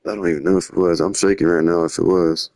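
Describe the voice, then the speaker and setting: A young man talks on a live stream, wandering loosely from one story to the next in casual slang. His voice sits very low. The sound is dry and close, with no room around it. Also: little pitch movement, quick pace, darkish tone, no echo. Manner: rambling, slangy, drifting storytelling. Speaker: livestreamer. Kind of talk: rambling live-stream chat.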